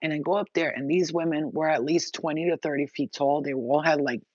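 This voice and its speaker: A woman's voice: deep voice, fairly quick, a little mellow, no room sound. A woman giving a spiritual message monologue, intense and blunt, swearing freely as she talks. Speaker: spiritual reader. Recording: dull, dry lo-fi sound.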